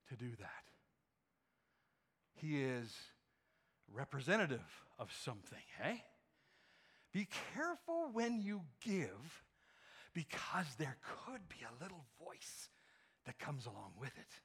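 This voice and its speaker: A man's voice: fairly high pitch, huge pitch swings, takes it slowly, pauses often, fairly bright tone, breathy edge. A male pastor preaching a sermon with emphasis, firing rhetorical questions at his congregation.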